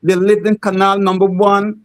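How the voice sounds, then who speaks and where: A Guyanese playwright with a Guyanese accent, telling animated stories in an interview and acting out the voices of the people in them. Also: male voice, sits high, moderate pace, clear, resonant tone, low-quality recording. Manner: animated, acts out quoted voices. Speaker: playwright guest. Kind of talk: interview storytelling.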